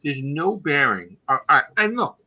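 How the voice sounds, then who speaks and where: A man's voice: a little high, sing-song, measured pace, lo-fi sound. An American man ranting in a casual chat, swearing a lot. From United States.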